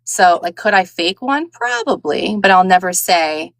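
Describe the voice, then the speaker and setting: A woman's voice: on the low side, big pitch swings, unhurried, vocal fry, no echo, studio quality. A woman with a New York accent, a guest narrator chatting frankly and casually, filling her talk with "like" and "um.". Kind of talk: casual chat.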